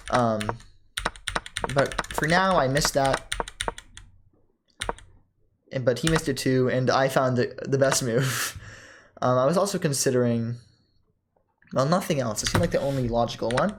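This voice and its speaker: A young man casually thinking aloud as he reviews his own chess game, often pausing with ums, correcting himself and laughing softly. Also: medium pitch, background noise. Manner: halting, self-correcting, many ums and laughs.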